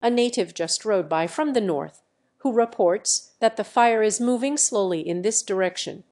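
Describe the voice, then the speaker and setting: Synthetic woman reading a polite English gentleman. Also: mid-range voice, moderate pace, lightly acted. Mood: urgent.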